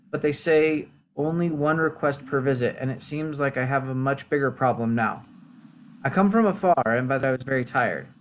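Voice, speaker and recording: A man's voice: on the high side, slight background noise, natural voice. A man voicing an ailing male peasant in a game, pleading in a raised, whiny voice. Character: ailing male peasant who sat on spikes.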